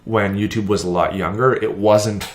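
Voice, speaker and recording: A young man co-hosting a podcast in casual chat, telling stories with lively energy and acting out the people in them. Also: fairly low pitch, moderate pace, a little hiss or hum. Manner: animated storyteller, acts out quoted voices. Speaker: podcast co-host. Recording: roomy echo.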